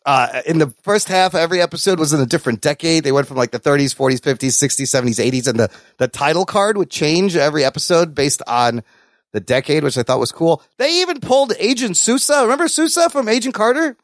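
A man co-hosting a podcast in casual chat, animated and profane. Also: fast, dry recording. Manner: animated, profane, swings between high and low pitch. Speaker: podcast co-host.

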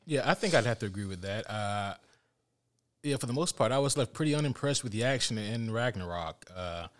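A man co-hosting a casual movie review podcast, steering the conversation in a relaxed way. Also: mid-range voice, fairly quick. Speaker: podcast co-host.

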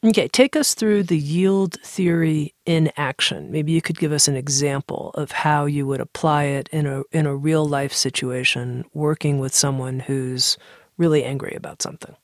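A woman hosting an interview, asking calm, measured questions. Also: low-pitched, dry recording, studio quality. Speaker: podcast host.

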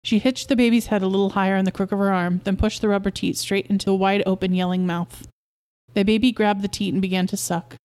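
A woman hosting a podcast reads a short story aloud. Her narration is steady and even, at a middling pitch. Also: quick pace, clear, resonant tone. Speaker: podcast host reading a story.

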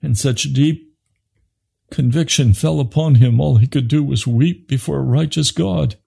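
A man preaching an impassioned sermon, swinging from low grave tones to high urgent pleading. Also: unhurried, vocal fry, warm tone, slightly rough.

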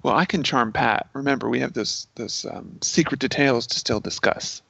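A man's voice: mid-range voice, moderate pace, creaky, a bit bright, husky, no echo. A man chatting casually on a podcast as a guest, gushing and laughing often. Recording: dull, dry sound.

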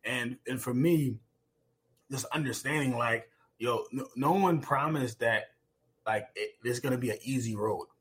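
A man's voice: mid-range voice, measured pace, a bit bright. A man in his forties, a former football player, telling his life story earnestly on a podcast, with many fillers and restarts. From United States. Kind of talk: reflective personal storytelling.

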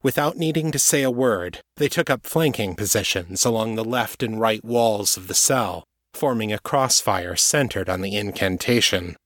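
A man narrating an audiobook chapter in a steady, even storytelling manner. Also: lowish voice, moderate pace, few pauses, no room sound, clean studio sound.

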